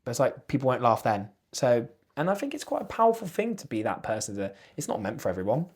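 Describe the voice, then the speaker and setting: A young man in his twenties talks as a podcast guest, loose and jokey. He chats casually, swears freely and keeps things animated. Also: medium pitch, quick pace, husky. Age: 20s. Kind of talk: casual chat.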